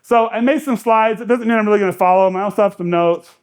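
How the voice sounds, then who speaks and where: A man's voice: high voice, fast talker, clear, resonant tone. A man giving a casual seminar talk as an economic development director, joking and storytelling with many restarts and fillers. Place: lecture room.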